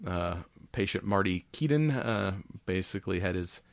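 A man's voice: low voice, animated, moderate pace, vocal fry, no room sound. A man co-hosting a casual podcast, reading science news in a rambling way with lots of fillers, swearing and laughs.

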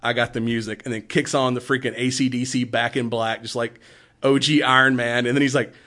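A man chatting casually about a film, acting out the characters' lines as he goes. He laughs a lot and swears freely, his pitch sitting in an ordinary middle range. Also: little pitch movement, a little fast, pushed and bright. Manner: laughs often, swears, retells scenes in quoted voices. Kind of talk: casual movie recap chat.

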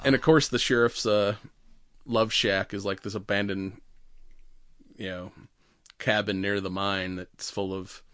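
A man's voice: lowish voice, steady tone, measured pace, pauses often, a bit bright, dry recording. A man co-hosting a podcast, chatting casually and laughing often as he retells a movie and acts out its lines. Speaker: podcast co-host. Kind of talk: casual chat recapping a movie.

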